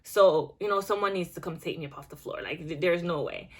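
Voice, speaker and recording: A woman's voice: fairly low pitch, a little fast. Chatty young woman telling a story. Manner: chatty, animated, many restarts and filler words. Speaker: vlogger. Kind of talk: casual storytime.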